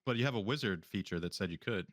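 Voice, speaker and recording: A man's voice: fairly low pitch, expressive, fast talker, fairly bright tone, dry recording, clean studio sound. A man playing a tabletop game, talking casually, rambling with fillers and the odd swear word. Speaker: player.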